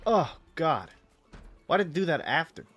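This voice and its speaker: A man's voice: on the high side, sing-song, normal speed, a bit bright, faint music behind. A young man casually commenting while he plays a video game, rambling and joking with frequent laughs. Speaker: gaming streamer.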